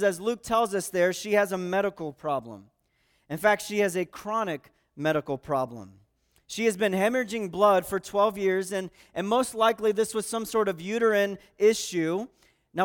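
A man gives a sermon, walking his listeners through a passage of scripture. His voice sits high and sounds smooth and resonant. He talks in an earnest, conversational way. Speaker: pastor. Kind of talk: expository sermon.

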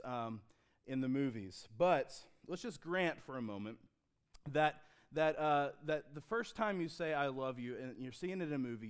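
Smooth-voiced male pastor preaching. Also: mid-range voice. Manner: conversational, with filler and restarts, slowing to read scripture. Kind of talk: sermon. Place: church.

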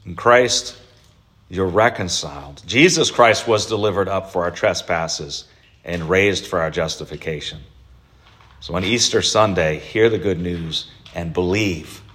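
A male pastor giving an Easter sermon, preaching in a deliberate, emphatic way and lifting his voice for stress. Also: low-pitched, a bit bright.

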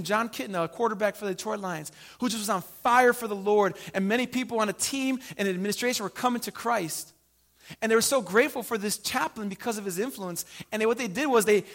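A man preaching a sermon, casual and animated, telling stories and acting out the people in them. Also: high-pitched. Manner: casual, animated storytelling with acted asides. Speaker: pastor.

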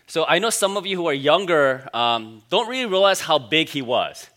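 Bright-voiced pastor man preaching. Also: on the high side, expressive, moderate pace. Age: 40s. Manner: conversational, storytelling, many fillers. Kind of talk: sermon.

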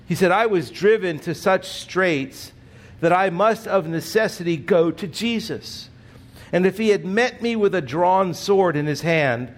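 Earnest, slow-paced male preacher. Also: a little high. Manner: earnest, emphatic preaching, clears throat often. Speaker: pastor. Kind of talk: sermon.

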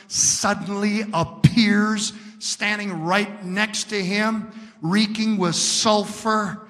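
A male pastor preaching an emphatic sermon built on repeated lines, moving from shouts down to hushed words. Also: high voice, long reverb tail.

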